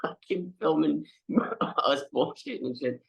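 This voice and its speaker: A man's voice: fairly high pitch, a little slow, creaky. A man with a cold, a guest actor telling a story in casual chat, laughing often and acting out the quotes. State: has a cold.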